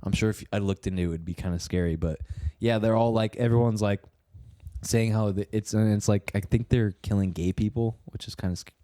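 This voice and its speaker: A man's voice: on the low side, steady tone, a little fast, mellow, no echo, clean studio sound. A young man who co-hosts a casual comedy podcast. He rambles, restarts his sentences and laughs often.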